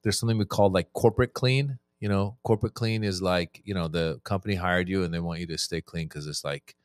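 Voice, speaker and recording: A man's voice: sits low, brisk, dry recording, clean studio sound. A man guest on a podcast, a comedian telling stories in casual chat and acting out his exchanges with audiences. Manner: animated storyteller, acts out crowd-work exchanges.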